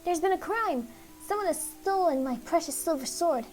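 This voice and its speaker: A woman's voice: extremely high pitch, lively intonation, normal speed, a little mellow, soft background music, pitched above the performer's own voice. A woman voicing a small, fussy mouse who lost a sword, talking in a theatrical, pleading way. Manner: theatrical, pleading, self-pitying.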